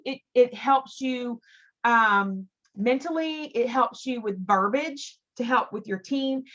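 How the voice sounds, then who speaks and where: This muffled recording captures a middle-aged woman running a team training call with motivational talk. Her slightly high voice is a bit bright, and her chatty, emphatic delivery often repeats words for stress.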